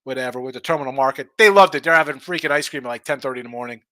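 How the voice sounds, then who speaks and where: A man's voice: mid-range voice, rapid-fire, sharp tone, no room sound. A middle-aged man hosting a sports betting show, chatting casually and bluntly ranting while reading viewer comments.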